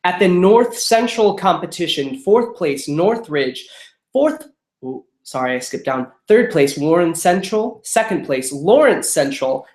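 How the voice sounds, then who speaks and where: Chatty host rattling off results, echoey room. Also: medium pitch. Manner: rattles off lists quickly, chatty asides. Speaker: show choir results host. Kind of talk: live webcast chat reading competition results.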